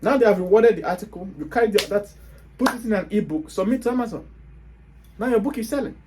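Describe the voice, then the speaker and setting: Emphatic high-voiced Nigerian man. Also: fast, noisy background. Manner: emphatic, hectoring, rhetorical questions. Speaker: host. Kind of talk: motivational monologue.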